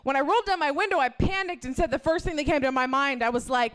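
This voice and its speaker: A woman does a stand-up set on a club stage with a handheld mic, brash and profane. She talks fast in a slightly bright voice, dropping to lower voices to act out other people.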